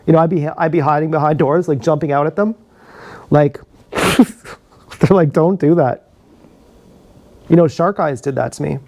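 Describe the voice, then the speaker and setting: Man, gravelly fry, rambling confessional livestream talk, action-camera mic. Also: a little high, normal speed, darkish tone. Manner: meandering, confessional, laughs at own stories.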